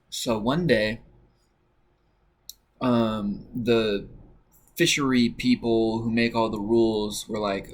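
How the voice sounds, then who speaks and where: A young man casually telling a personal work story, rambling with lots of "like" and "you know" fillers. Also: fairly low pitch. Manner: relaxed, rambling with many fillers.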